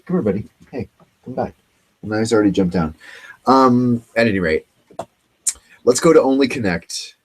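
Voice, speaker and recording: A man's voice: low voice, husky. A man hosting a late-night livestream from home, chatting casually in a rambling, distracted way full of ums. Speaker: livestream host. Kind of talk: casual chat. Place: home room with his cat.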